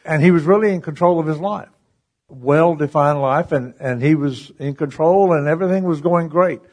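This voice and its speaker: Here a preacher with a voice on the high side keeps a moderate pace, delivering his sermon as a story. He acts out the voices and chuckles animatedly between lines.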